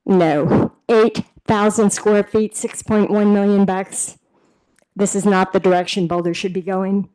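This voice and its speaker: A woman's voice: medium pitch, fairly even intonation, measured pace, warm tone, rough recording. A woman giving a combative public comment at a city board meeting. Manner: indignant, combative.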